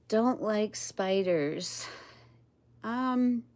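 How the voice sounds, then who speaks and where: A woman's voice: medium pitch, darkish tone. A woman chatting casually on a live stream, rambling, laughing often and talking to her pets and viewers.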